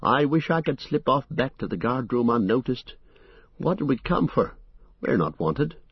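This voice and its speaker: A man's voice: mid-range voice, sing-song, moderate pace, slightly rough, dry recording, dull audio, voice pushed up. A man voicing a small, fretful young hobbit in an audiobook, muttering complaints. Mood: grumbling.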